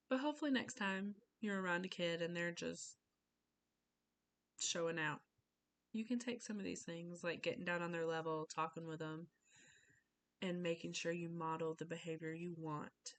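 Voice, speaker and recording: A woman's voice: lowish voice, moderate pace, a little hiss or hum. A young woman giving an informal class speech, chatty, often acting out little conversations in voices.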